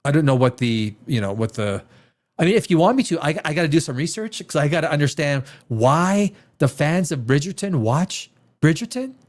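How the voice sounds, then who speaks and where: A man with a fairly high voice and moderate pace hosts a show as a screenwriter, ranting through a review. He's animated, restarts often, swears and mimics dialogue.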